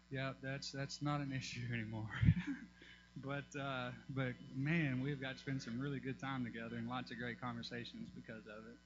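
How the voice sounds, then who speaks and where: A man giving a personal testimony in church, halting, with many fillers and restarts. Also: mid-range voice, flat delivery, lo-fi sound, a little hiss or hum.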